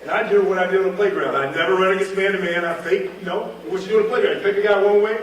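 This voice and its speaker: A man's voice: high-pitched, racing, highs cut off, slight background noise. A man in his fifties from North Carolina, telling humorous stories as a keynote speaker at a reunion. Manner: animated, humorous, acts out scenes. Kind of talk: storytelling speech. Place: large hall at a reunion event. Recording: echoey hall, mic far off.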